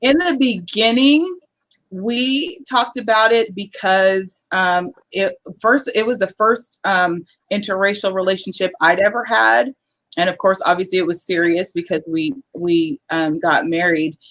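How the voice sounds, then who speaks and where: A woman's voice: medium pitch, unhurried, a bit bright. Chatty woman with a Southern Californian accent. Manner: chatty and candid, with many fillers. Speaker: panel guest. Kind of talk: casual panel chat.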